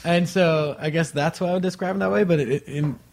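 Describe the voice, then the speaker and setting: A man in his thirties talking as a guest on a podcast, animated and laughing often. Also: on the high side, a little fast. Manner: animated, laughing, playful voices. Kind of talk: casual chat.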